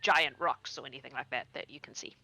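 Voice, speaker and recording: Bright-voiced woman game master, dry sound. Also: a bass voice, fairly quick, no echo. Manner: chatty, laughing, searches for words. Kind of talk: narrating a tabletop game.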